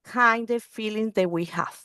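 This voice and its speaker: Presenting a teacher-training webinar for early-learning staff by video call, this woman speaks non-native English and keeps asking "okay?" and saying "you see." She has a medium pitch, a measured pace, and a bright, forceful tone, captured in a dry, studio-quality recording.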